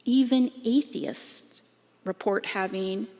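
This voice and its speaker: A woman's voice: medium pitch, takes it slowly, a little mellow. Chatty woman preaching in a reverberant church. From Canada. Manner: chatty, self-deprecating humor. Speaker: church speaker. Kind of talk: sermon. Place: church sanctuary. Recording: long hall reverb.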